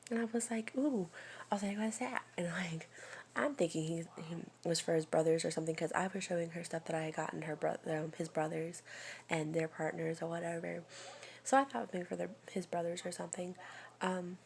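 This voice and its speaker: A young woman speaks in a soft, often whispered personal vlog, rambling and confiding with plenty of fillers. Her voice sits low with a gravelly fry and stays fairly flat. A faint hiss of background noise runs under the recording. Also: fairly quick. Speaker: vlogger.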